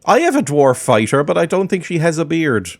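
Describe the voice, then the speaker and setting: A man's voice: on the high side, big pitch swings, brisk. A man casually commentating a game he plays, chatty and often giggling. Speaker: gaming video host. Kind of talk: casual let's-play commentary.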